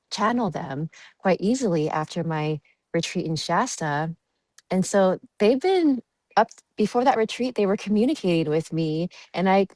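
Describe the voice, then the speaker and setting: A woman's voice: on the low side, darkish tone, no room sound. A woman guest chatting on a podcast, giggly and dreamy, with many fillers. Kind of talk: casual podcast chat.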